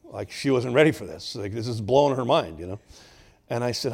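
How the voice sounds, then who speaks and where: A man in his sixties, a pastor, preaching a sermon and telling personal stories, swinging between loud, emphatic bursts and quiet asides. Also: mid-range voice, animated, fairly quick, vocal fry, slightly rough.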